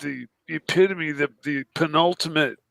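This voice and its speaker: A man's voice: on the high side, moderate pace, creaky, fairly bright tone, no room sound. A man chatting and joking on a casual livestream. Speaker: livestream guest. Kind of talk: casual chat.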